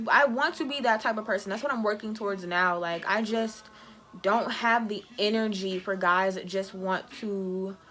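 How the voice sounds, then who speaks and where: A woman vlogger retelling a bad date in a casual storytime, animated and sassy, acting out the dialogue. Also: on the high side. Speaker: beauty vlogger.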